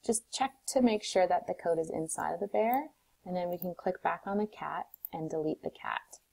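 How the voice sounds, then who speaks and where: A woman teacher calmly walking through a coding tutorial step by step, recorded on a desktop mic. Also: fairly low pitch, normal speed, vocal fry, slightly rough, rough recording. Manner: calm, step-by-step instructions.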